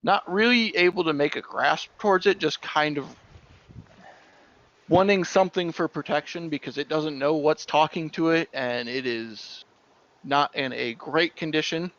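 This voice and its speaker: A man narrating as dungeon master of a tabletop game, unhurried and sometimes searching for words. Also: on the high side, a bit bright, highs cut off.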